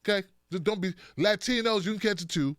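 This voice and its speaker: A man hosting a political commentary show, talking in a blunt, animated, joking way with frequent restarts. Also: high-pitched, brisk, clean tone, no room sound, clean studio sound.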